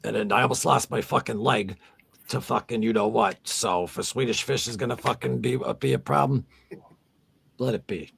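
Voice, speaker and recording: A man's voice: mid-range voice, normal speed, gravelly, a bit bright, slightly rough. A man on a podcast, talking casually in a rambling, profane, insistent way. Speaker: podcast co-host. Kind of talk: casual chat.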